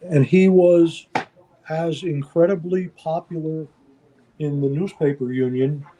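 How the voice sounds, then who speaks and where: A man guest reminiscing in a measured, hesitant and fond way. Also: on the high side, fairly even intonation, dull audio, crowd noise. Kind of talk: reminiscing in conversation.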